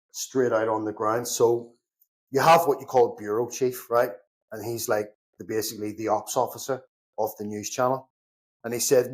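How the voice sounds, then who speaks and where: Middle-aged Belfast man, podcast guest, casual storyteller who voices both sides of the dialogue and swears freely. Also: mid-range voice. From Northern Ireland. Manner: animated anecdotes, acts out both sides of conversations, swears casually. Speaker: podcast guest, security consultant.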